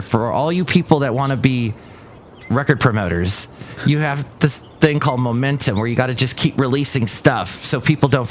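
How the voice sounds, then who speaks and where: This middle-aged podcast host talks in a mid-range voice, rambling chattily and leaning heavily on fillers during a casual conversation. There's slight background noise.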